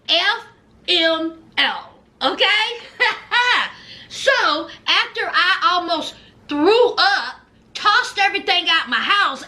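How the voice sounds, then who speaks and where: A woman vlogger recaps a reality show at home in a very high, lively voice. She sounds sassy and animated but takes her time, drawing words out. Her tone is bright and forward. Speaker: reaction vlogger. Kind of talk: casual reality-show commentary.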